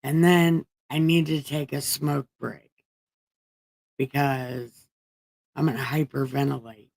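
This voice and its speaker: A woman with a low, unhurried voice reads scripture on her livestream as irreverent casual chat. She swears freely and cracks wise between verses. The sound is close and dry. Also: steady tone, creaky, a little mellow, no echo. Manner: profane, wisecracking paraphrase. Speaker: livestream host. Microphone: home streaming setup.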